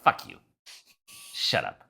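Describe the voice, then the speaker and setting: A young man co-hosting a podcast, telling an animated, profane story in casual chat. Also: slow pace. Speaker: podcast co-host.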